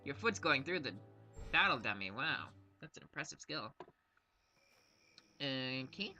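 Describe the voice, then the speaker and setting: A man's voice: mid-range voice, big pitch swings, a little slow, long pauses, bright, forceful tone, faint music behind. Joking man narrating a game. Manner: joking, self-mocking, laughs often. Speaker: game streamer. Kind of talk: casual let's-play commentary.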